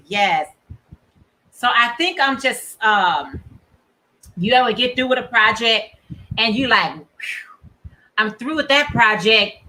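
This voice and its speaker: A woman hosting a crafting livestream, chatting casually and warmly reading out viewer comments. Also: on the high side, low-quality recording. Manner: chatty, reads viewer comments aloud, encouraging. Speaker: crochet livestream host. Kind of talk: casual chat with live viewers.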